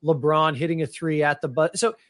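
A man's voice: on the high side, steady tone, brisk, fairly bright tone, dry recording. A man co-hosting a casual golf podcast, rambling through stories and acting out what people said. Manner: rambling storyteller, acts out quotes. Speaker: podcast co-host.

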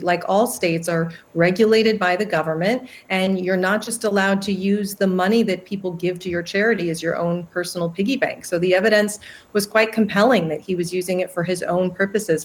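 A woman giving legal analysis in a news interview, measured and explanatory. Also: on the low side.

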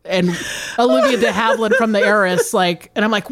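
This podcast co-host has a mid-range, fairly bright voice and talks a little fast, recorded at studio quality with no echo. Her casual banter is profane and playful, full of repetition and restarted sentences.

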